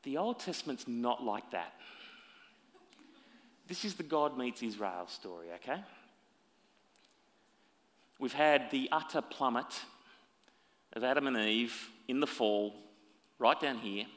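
A man preaching a sermon, swinging between loud emphatic lines and hushed, quieter asides. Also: mid-range voice, animated, takes it slowly, pauses often. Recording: long reverb of a large hall.

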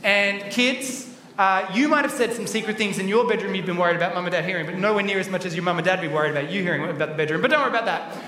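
A man giving a lively children's Bible talk, chatty and playful as he acts out the story. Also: sits high, racing, distant mic. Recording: roomy hall with faint background noise.

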